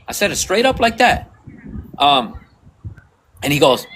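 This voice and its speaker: A man hosts a livestream podcast and tells a story in a blunt, lecturing way. His voice sits a bit high for a man. A faint hiss runs under the talk. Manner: animated retelling with quick Spanish asides. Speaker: podcast host.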